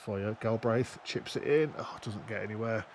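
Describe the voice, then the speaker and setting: A young man giving casual, expressive let's-play commentary on a football management game, swearing freely. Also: on the low side, moderate pace, slight background noise. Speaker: gaming YouTuber.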